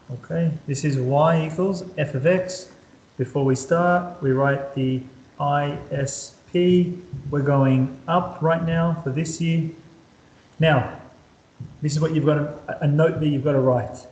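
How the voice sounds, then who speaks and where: A man's voice: on the high side, darkish tone. Man tutoring calculus in an echoey room. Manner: talks while drawing, repeats words, quizzes the student. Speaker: maths tutor. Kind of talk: whiteboard calculus lesson.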